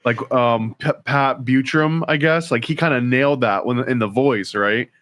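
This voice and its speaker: A man's voice: medium pitch, moderate pace, fairly bright tone, no room sound. Male podcast co-host, medium voice, wry and joking, dry sound. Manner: wry, joking, retells plots. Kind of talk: casual chat.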